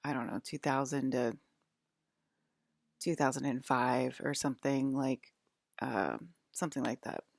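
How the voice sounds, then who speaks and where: Very low-voiced rambling woman. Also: fairly even intonation, a little slow, vocal fry, long pauses, dry recording, studio quality. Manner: meandering, many fillers and restarts. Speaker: vlogger. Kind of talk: casual rambling monologue.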